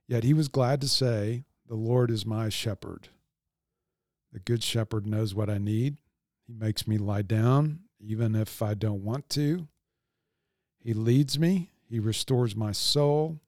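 A man hosting a devotional podcast, teaching in a calm, reflective way. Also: mid-range voice, measured pace, no echo, studio quality.

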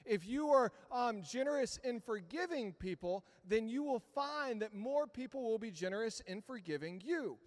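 A man in his thirties with a high voice preaches in a conversational, storytelling way. He keeps asking the congregation to answer him. The sound rings with the long reverb of a church hall. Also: expressive, normal speed, few pauses. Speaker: pastor. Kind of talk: sermon. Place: church sanctuary.

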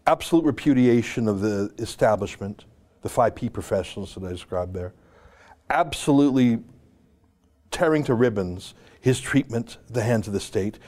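A man hosting his own show, delivering a combative, emphatic monologue full of quick asides. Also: on the low side, lively intonation, a little mellow. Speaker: show host. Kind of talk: opinionated monologue to camera.

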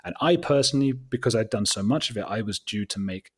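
An English documentary filmmaker with an English accent, appearing as an interview guest, tells a long anecdote in a low, husky voice at a fast clip. He's animated and self-deprecating, his casual storytelling packed with fillers, asides and quoted remarks.

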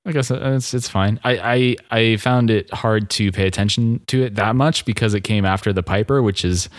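A man co-hosting a podcast in casual chat, wry and quick to laugh. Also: on the low side, dry recording, studio quality. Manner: chatty, laughs often, wry asides. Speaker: podcast co-host.

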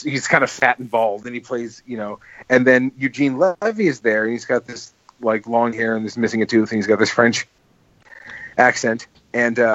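A man's voice: medium pitch, dry recording, muffled recording. A man co-hosting a podcast, casually retelling scenes from an old comedy film with lots of fillers and acted-out lines. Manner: rambling, animated storytelling with quoted movie lines. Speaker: podcast co-host. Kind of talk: casual chat.

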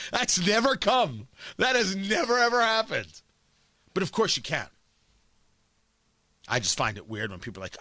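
Animated, bright-voiced male talk host. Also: high-pitched, moderate pace, long pauses, no room sound. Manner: emphatic, repeats words when building a point. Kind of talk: opinion monologue.

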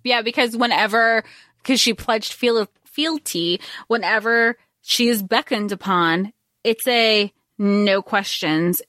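A woman co-hosting a podcast, discussing a book in casual talk with halting restarts. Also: a little high, bright, forceful tone. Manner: conversational, halting restarts, laughs along. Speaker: podcast co-host.

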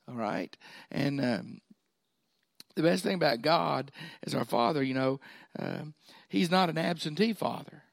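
A man's voice: fairly high pitch, creaky, no room sound, studio quality. A man preaching a sermon, folksy and often checking in with his listeners. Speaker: pastor.

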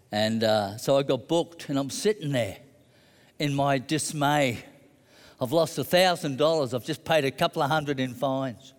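A man's voice: medium pitch, in a large hall. A middle-aged man preaching a sermon, telling a personal story conversationally and building to emphatic declarations.

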